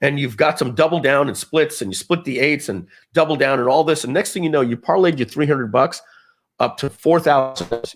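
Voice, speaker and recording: A man leading a live software training webinar, chatty and animated, often acting out people's reactions as he tells stories. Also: mid-range voice.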